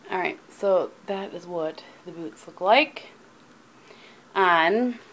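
Chatty sleepy woman, bright voice. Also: on the low side, takes it slowly, a little hiss or hum. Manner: chatty, rambling, frequent ums. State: tired, sleepy. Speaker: vlogger. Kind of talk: casual vlog chat. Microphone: camera mic.

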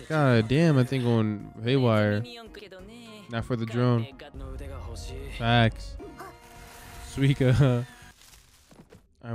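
A young man reacting to an anime episode in casual, excitable commentary, swearing and calling out "brother" as he watches. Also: mid-range voice.

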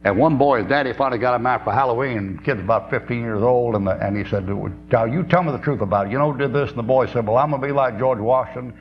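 A man's voice: medium pitch, fast talker, few pauses, faint music behind. A man, preaching a folksy sermon, telling stories and laughing often. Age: 70s. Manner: folksy storytelling, laughs often, drawling asides. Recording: dull lo-fi tape with faint hum.

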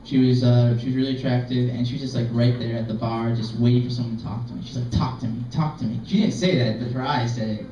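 A man's voice: mid-range voice, level tone, warm tone, distant mic, a little hiss or hum. Rambling young man doing stand-up. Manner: rambling, self-deprecating, halting. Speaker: stand-up comedian. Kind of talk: open mic stand-up. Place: small art gallery open mic. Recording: dull, echoey room recording from afar.

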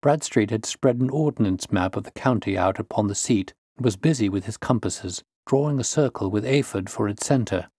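A man narrating a classic detective story in a steady, measured reading voice. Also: lowish voice, slightly rough, no echo, studio quality. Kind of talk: audiobook narration.

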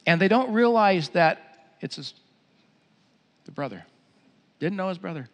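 A middle-aged man preaching a sermon as pastor in a church auditorium, telling stories in an animated way and repeating phrases. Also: sits high, a little slow. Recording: long hall reverb.

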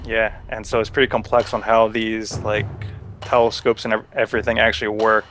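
A young man co-hosting a casual online show, explaining things haltingly with many fillers while gaming. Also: lowish voice, level tone, fairly bright tone, faint music behind. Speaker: podcast co-host.

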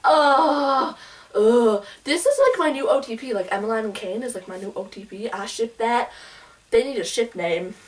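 A woman vlogging a casual book review, gushing and rambling like an excited fangirl. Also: on the high side, moderate pace, distant mic.

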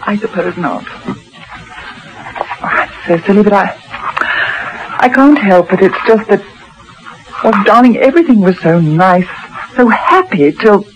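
A woman's voice: medium pitch, lively intonation, unhurried, pauses often, background noise, lightly acted. A woman playing an anxious young mother who narrates her fears in a dated radio drama, speaking nervously and hesitantly. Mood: worried. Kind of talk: 1950s radio drama acting. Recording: dull old radio recording.

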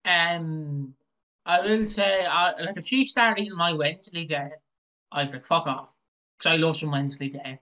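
A man's voice: on the high side, moderate pace, sharp tone. A man co-hosting a podcast, chatting casually about a soap opera in a rambling, jokey way that often stumbles over his words. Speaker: podcast co-host. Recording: dull lo-fi mic.

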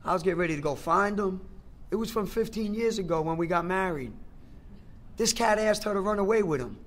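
A man's voice: sits high, brisk, a bit bright. A middle-aged man speaking at a recovery meeting, giving a personal testimony in an emphatic, conversational way, repeating phrases for effect and talking straight to the crowd.

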